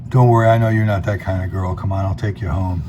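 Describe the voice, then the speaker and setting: A man's voice: sits low, fast, close to an everyday voice. A man voicing a brave, reassuring young boyfriend from a romance comic, close to his own voice. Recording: steady background noise.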